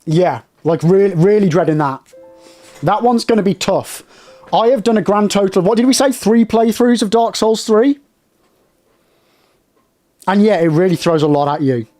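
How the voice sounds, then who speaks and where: A man's voice: high-pitched, darkish tone. A young man streaming a game live, elated and shaky with nerves after a win, talking to his chat in bursts.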